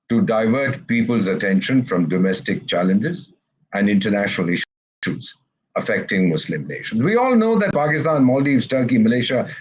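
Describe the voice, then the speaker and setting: Older indian guy, ex-ambassador, blunt and wry, husky voice, really lively pitch. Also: poor audio. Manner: blunt, wry, animated storytelling with mock quotes. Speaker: retired ambassador. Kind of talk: candid interview answers.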